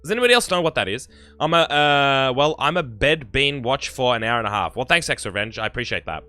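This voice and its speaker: Lively, bright-voiced Australian man. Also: mid-range voice, brisk. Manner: chatty, rambling, talks to viewers. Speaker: gaming streamer. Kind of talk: live stream commentary, reading chat.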